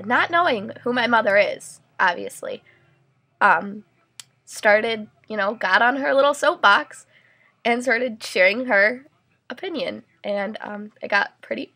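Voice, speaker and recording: Young female vlogger, gravelly and a bit husky, chatty story-and-rant delivery. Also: fairly high pitch, a bit bright. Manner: chatty, many fillers and "like"s, indignant rant. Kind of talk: casual storytelling to camera.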